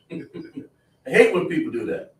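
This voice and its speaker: A man's voice: a little high, huge pitch swings, a little slow. Man lecturing emphatically in an echoey room. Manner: emphatic, repetitive, scolding. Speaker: class teacher. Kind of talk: preaching lecture to a class. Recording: roomy, distant mic, faint noise.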